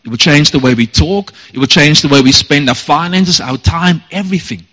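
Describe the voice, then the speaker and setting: A man's voice: fairly high pitch, fairly quick, fairly bright tone, in a large hall. A man preaching a sermon as a pastor, earnest and emphatic, repeating his phrases for weight.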